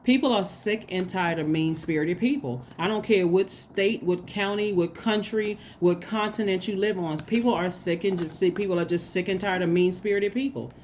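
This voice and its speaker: A woman's voice: medium pitch, normal speed, hardly any pauses, a little mellow, slight background noise. A woman giving a tarot reading, speaking earnestly and straight to the listener, often repeating herself. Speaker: tarot reader.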